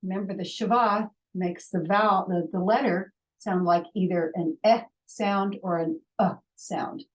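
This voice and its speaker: A woman's voice: mid-range voice, steady tone, measured pace, few pauses, rough recording. A woman teaching a language lesson, patiently sounding out syllables one at a time and repeating drills.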